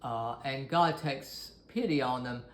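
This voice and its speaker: A man's voice: mid-range voice, measured pace, echoey room, slight background noise. A man giving a recorded course lecture, talking in a hesitant way with many fillers and restarts.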